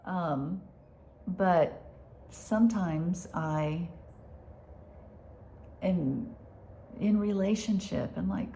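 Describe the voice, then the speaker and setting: A woman speaking candidly in a personal vlog, halting and heartfelt, with many fillers and moments where she drops to a whisper. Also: on the low side, gravelly, warm tone, a little hiss or hum. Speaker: vlogger sharing her illness.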